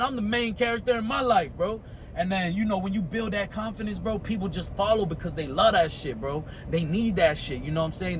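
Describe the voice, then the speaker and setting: High-voiced profane American man, motivating. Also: a bit bright, slight background noise. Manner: profane, streetwise, repeats "you know what I'm saying". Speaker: motivational speaker. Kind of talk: casual motivational talk.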